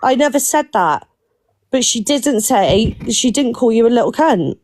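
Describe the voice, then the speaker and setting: A woman's voice: on the high side, very animated, unhurried, darkish tone. A British woman on a live stream defending herself insistently in an argument.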